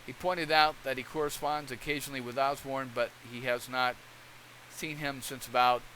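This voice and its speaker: A man's voice: mid-range voice, steady tone, normal speed, sharp tone, slight background noise, low-quality recording. A man hosting a channel, talking in rambling casual commentary and often checking in with the listener. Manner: rambling, conversational, keeps checking in with okay. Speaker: channel host.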